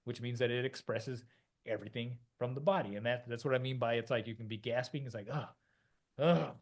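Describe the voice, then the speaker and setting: A middle-aged man talks through ideas in a loose, rambling way, full of fillers and restarts. He slips into little acted-out voices to make his points. His voice sits at an ordinary middle pitch. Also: steady tone, fast. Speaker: podcast co-host. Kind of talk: casual conversational explanation.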